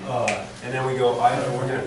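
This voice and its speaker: A man's voice: medium pitch, level tone, a little fast, over a noisy crowd. Man coaching a chorus in an echoey room. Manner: sings phrases to demonstrate, many restarts. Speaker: vocal coach. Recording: echoey room, mic far off, background noise.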